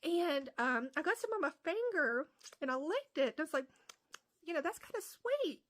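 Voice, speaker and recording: A woman's voice: high-pitched, sing-song, normal speed, a bit bright. A woman from West Virginia with an Appalachian accent, telling a casual story full of fillers and restarts. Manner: rambling, many fillers and restarts. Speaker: comedian vlogger.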